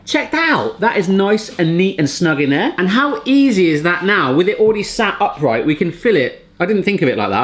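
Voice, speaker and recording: Guy in his thirties, playful vlogger, animated and upbeat, talks to camera. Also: high voice, brisk. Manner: playful, jokey, talks straight to viewers. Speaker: cooking gadget reviewer. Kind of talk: casual chatty vlog.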